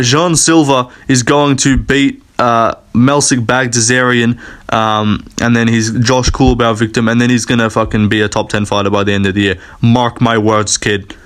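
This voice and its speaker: A man's voice: medium pitch, a bit bright. A young man riffs through casual commentary in a mid-range voice, rambling and hyped-up, with plenty of swearing. He talks off the cuff, piling one thought on top of the next. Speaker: video host.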